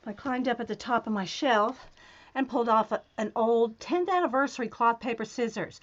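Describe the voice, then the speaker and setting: A woman hosting a casual crafting vlog, chatting to her viewers as she works and getting excited by what she finds. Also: fairly high pitch, normal speed, dull audio. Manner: chatty, excitable, talks to viewers while working. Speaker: craft video host.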